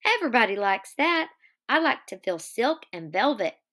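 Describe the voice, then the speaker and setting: A woman's voice: big pitch swings, moderate pace, fairly bright tone. A woman voicing a coy young ranch wife. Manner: coy, then shrill.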